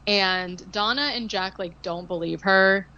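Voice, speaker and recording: A woman's voice: medium pitch, measured pace, bright, forceful tone, muffled recording. A woman co-hosting a podcast, recapping a film in casual chat, rambling with lots of "like" and sarcastic asides. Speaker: podcast co-host.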